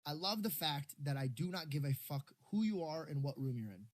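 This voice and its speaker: A man's voice: a little high, fairly quick. A man, a stand-up comedian, telling stories in a casual podcast chat and putting on voices for the people in them. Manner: animated, puts on voices for the people in his stories.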